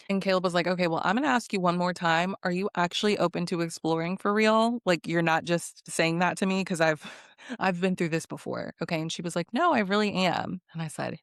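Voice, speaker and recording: A woman talks through a reality show episode in a loose, gossipy way, throwing in sarcastic asides and acting out the contestants' lines. Her voice has a gravelly, fry-filled texture. The recording is close and dry. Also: on the low side, fairly quick, no echo. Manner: snarky, chatty, acts out quotes. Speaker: recap vlogger. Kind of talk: casual recap commentary.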